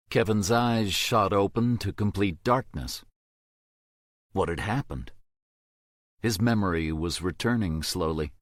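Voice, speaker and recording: A man reading a thriller audiobook in a measured, grave storytelling manner. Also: sits low, no room sound, clean studio sound. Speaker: audiobook narrator. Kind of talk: scripted narration.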